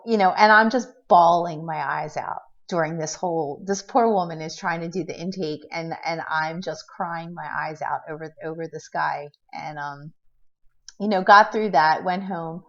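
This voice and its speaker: A middle-aged woman with a fairly low voice tells a personal story in a loose, rambling vlog style. She restarts her sentences often and leans on fillers, and she acts out what others said. The recording sounds muffled and lo-fi. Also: normal speed. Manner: tends to act out quotes in a lively way. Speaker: vlogger telling a personal story. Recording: dull lo-fi recording.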